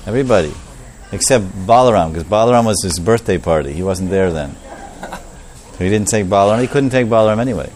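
A male preacher tells a story in a sermon, animated and repeating his points. He acts out the characters as he goes. His voice is fairly low, with faint noise behind it. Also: a little fast.

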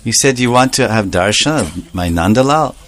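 A man's voice: lowish voice, expressive, normal speed, a bit bright. A man voicing an anxious, protective young mother in a comic, exasperated way during a sermon story. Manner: exasperated, pleading, lightly comic.

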